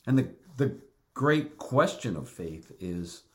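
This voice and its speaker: A middle-aged male pastor preaching a sermon, earnest and deliberate, repeating words for emphasis. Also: sits low, sing-song, darkish tone.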